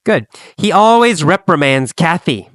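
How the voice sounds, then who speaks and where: A man teaching an English lesson, speaking slowly and deliberately and repeating phrases for learners to copy. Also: fairly high pitch, sing-song, fairly bright tone, dry recording. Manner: slow, deliberate, repetitive drilling.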